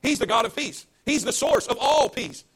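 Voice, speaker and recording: A man's voice: very high voice, moderate pace, fairly bright tone, husky. A man, a pastor preaching a livestreamed sermon to an empty church, emphatic and repetitive, with call-and-response.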